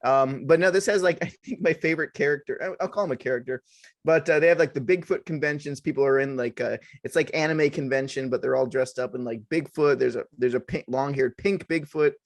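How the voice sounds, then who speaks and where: A man's voice: mid-range voice, brisk, no echo, studio quality. A man co-hosting a casual horror podcast, rambling through jokey stories. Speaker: podcast co-host.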